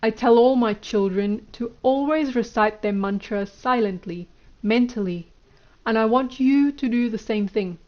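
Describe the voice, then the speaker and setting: A woman's voice: fairly high pitch, a little slow, lo-fi sound, close to an everyday voice. A woman reading the lines of an elderly male guru, lecturing in an instructive way. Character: elderly male Indian guru, stern teacher.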